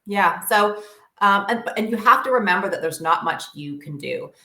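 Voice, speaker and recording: A woman's voice: mid-range voice, animated, normal speed, pushed and bright, echoey room. A woman guest explaining co-parenting advice in an interview, earnest and emphatic with frequent fillers.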